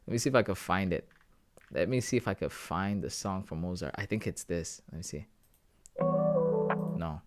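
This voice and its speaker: A young man hosting a live trading stream, thinking out loud and talking casually to his viewers. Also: low-pitched, brisk, faint music behind. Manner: thinking aloud, talks to chat with "guys" and "bro". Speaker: trading livestream host.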